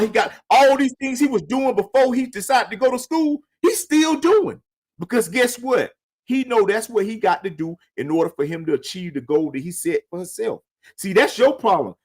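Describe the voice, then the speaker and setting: High-voiced man preaching in casual chat. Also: slightly rough. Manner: emphatic, repetitive, preachy, profane. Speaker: podcast host.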